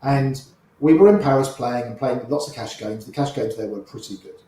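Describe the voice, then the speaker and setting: Echoey older man spinning poker stories. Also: mid-range voice. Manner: animated raconteur, quotes people in quick little voices. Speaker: poker player guest. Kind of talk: anecdotal storytelling. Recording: very echoey room.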